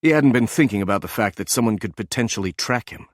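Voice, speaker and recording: A man narrating a suspense audiobook in an even, measured storytelling manner. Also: on the low side, no room sound, clean studio sound.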